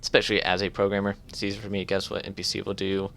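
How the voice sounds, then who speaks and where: A man streaming a card game live, thinking aloud in halting starts while his voice grows strained. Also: low-pitched, monotone, gravelly, a bit bright, soft background music. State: strained, fading voice. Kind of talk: casual live gameplay commentary.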